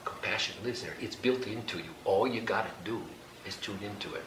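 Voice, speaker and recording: A man with a fairly low voice leads a group exercise, speaking in slow, gentle instructions. The sound is roomy and echoey, with clear background noise in the hall. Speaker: workshop leader. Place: hall with an audience.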